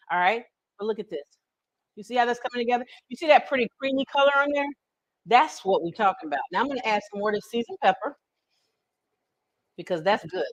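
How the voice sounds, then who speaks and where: A woman's voice: fairly high pitch, no room sound, rough recording. A woman hosting a live cooking stream, chatty and folksy, talking straight to her viewers with teasing asides. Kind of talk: casual live cooking demonstration.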